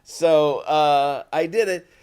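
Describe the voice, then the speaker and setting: An older man, a guest actor being interviewed, tells stories in a casual way and acts out bits of dialogue in different voices. His voice sits on the high side and is clear and resonant. He takes his time, speaking slowly and with animation.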